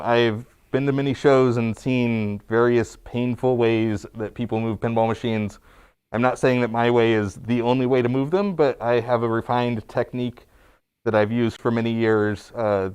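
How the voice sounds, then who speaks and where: A man's voice: mid-range voice, darkish tone, clear, resonant tone, dry recording. A man who is a guest pinball technician, chatting casually on a livestream with many fillers and restarts. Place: small studio.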